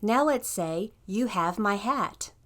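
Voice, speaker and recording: A woman's voice: mid-range voice, lively intonation, takes it slowly, a bit bright. A woman narrating a scripted language lesson in an upbeat, encouraging way. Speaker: language teacher.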